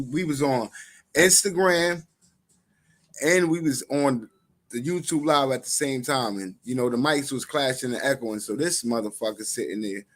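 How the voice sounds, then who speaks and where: A man hosting a live stream show, talking in loud, joking, profane banter full of slang. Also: medium pitch.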